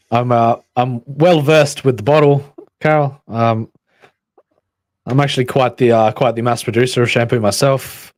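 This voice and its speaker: Male stream host, mid-pitched, dry close sound, loose musing delivery with restarts. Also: no echo. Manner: musing, halting, reads chat aloud. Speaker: livestream host. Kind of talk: rambling livestream commentary.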